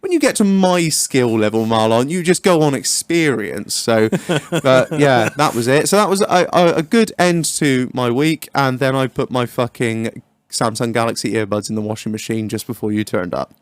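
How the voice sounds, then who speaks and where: A young man hosting a podcast in casual chat, a lively, sweary storyteller who acts out his own lines. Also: mid-range voice, moderate pace, no echo. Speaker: podcast host.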